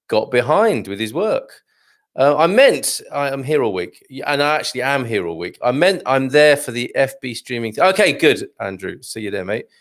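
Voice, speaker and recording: Middle-aged male host, gravelly edge, jokey live-stream banter and dad jokes. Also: medium pitch. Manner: chatty and jokey, tells corny dad jokes, chuckles often. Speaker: live show host reading viewer comments. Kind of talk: casual live-stream chat.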